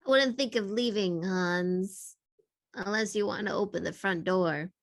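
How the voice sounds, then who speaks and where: A woman's voice: mid-range voice, unhurried, no room sound, lightly acted. A woman reading a cocky, wisecracking male cop hero in a casual script read, playful and laughing. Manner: reads playfully, laughing between lines.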